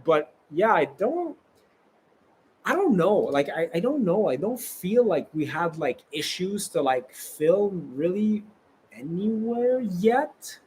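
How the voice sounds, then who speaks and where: A man who is a travel vlogger, chatting casually in a bubbly, animated way with many fillers. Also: high-pitched, slow, a little hiss or hum. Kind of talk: casual chat.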